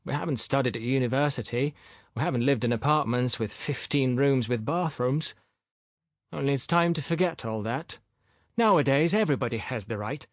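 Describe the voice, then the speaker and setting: A man's voice: mid-range voice, animated, moderate pace, no echo, clean studio sound, natural voice. A male narrator voicing a boorish, insolent young man who talks back cockily and indignantly. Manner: cocky, indignant, sullen.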